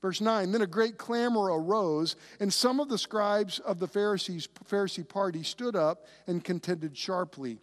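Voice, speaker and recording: A man's voice: high voice, expressive, moderate pace, hardly any pauses. A man preaching a conversational sermon, with frequent restarts, who acts out the voices of biblical figures. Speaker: pastor.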